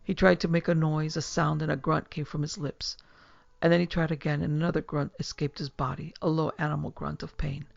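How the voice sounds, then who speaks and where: A woman narrating a horror story in a hushed, measured way. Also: low voice, flat delivery, creaky, no echo, highs cut off. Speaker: narrator and producer.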